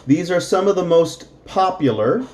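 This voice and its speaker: A middle-aged man teaching English slowly to Spanish speakers, repeating each word and adding Spanish glosses. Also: high voice, expressive, darkish tone.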